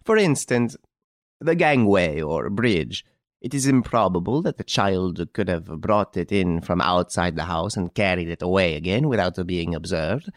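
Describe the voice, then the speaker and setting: Man reading a cool-headed chevalier sleuth, deliberate, lively rise and fall, dry audiobook sound. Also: low-pitched, no room sound. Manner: calm, smiling, deliberate explaining. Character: calm, clever gentleman detective, a chevalier.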